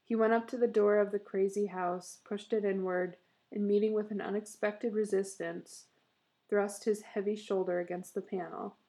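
A woman reads a short story aloud at a steady, measured pace. Her voice is gravelly, with a dark, mellow tone. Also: mid-range voice. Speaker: narrator.

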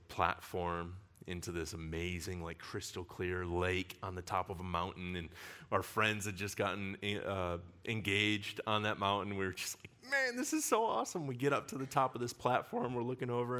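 A male pastor preaching a sermon with personal stories, telling them in an animated way and laughing often. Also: deep voice, normal speed. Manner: animated storyteller who laughs often while talking.

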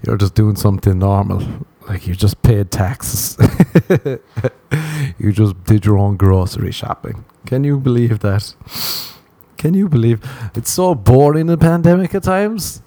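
A man with a lowish, warm, relaxed voice tells loose, profane comic stories with asides and frequent laughter. The sound is close and dry, with no room around it. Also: unhurried, no room sound. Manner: profane, self-mocking, laughs often. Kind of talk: rambling comedic monologue.

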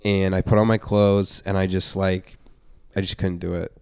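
A man's voice: low-pitched, flat delivery, moderate pace, a little mellow, clean tone, no echo, studio quality. A young man telling a personal story in a candid, rambling way, full of fillers. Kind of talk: casual chat.

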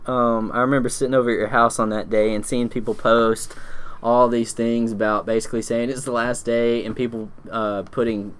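A man's voice: mid-range voice, level tone, moderate pace, smooth. A man in casual chat who laughs a lot and reminisces with an old friend. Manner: giggly, reminiscing.

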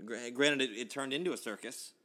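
A man's voice: mid-range voice, fairly quick, pushed and bright. Rambling man talking baseball. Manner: rambling, with frequent restarts and swearing. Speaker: podcast co-host. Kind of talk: casual sports chat.

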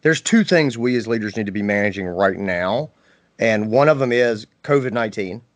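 A man's voice: on the low side, lively intonation, moderate pace, no echo. Reflective man, dry close sound. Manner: reflective, hesitant, with many restarts. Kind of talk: casual podcast conversation.

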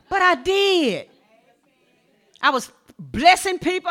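A woman pastor delivers a sermon in a high, bright voice. She tells everyday stories softly, then rises to shouted exhortation. She sounds middle-aged and speaks with a preacher's call-and-response rhythm. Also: very animated, measured pace, pauses often. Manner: preaching with swings between soft storytelling and shouted exhortation.

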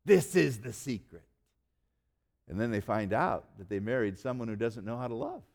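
A male pastor preaching a sermon in earnest, slowing down and dropping almost to a hush to stress key words. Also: medium pitch, lively intonation, creaky. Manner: earnest preaching, slows and drops to near-quiet for emphasis.

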